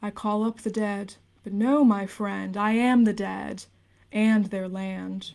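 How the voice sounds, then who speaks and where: A woman reading the lines of an uncanny male AI that speaks for the dead, slowly and solemnly, in an accent. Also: medium pitch, steady tone, vocal fry, a little mellow.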